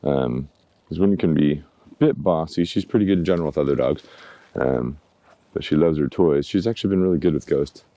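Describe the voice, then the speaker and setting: A man with a low, mellow voice talks casually into a handheld camera while he takes his dogs out in the yard. He is relaxed and chatty and coaxes the dogs along with pet names. The sound is dry and close. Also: fairly quick, dry recording, muffled recording. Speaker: dog trainer. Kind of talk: casual vlog narration while walking dogs. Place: outdoors in a yard by woods.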